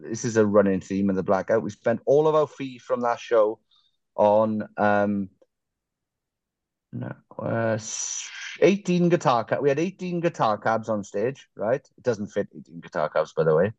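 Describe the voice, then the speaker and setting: A man rambles through self-deprecating stories in a casual interview, swearing now and then. His voice is mellow and dark, recorded close and dry. The sound is a little muffled. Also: fairly low pitch, expressive, normal speed, no room sound. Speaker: musician guest.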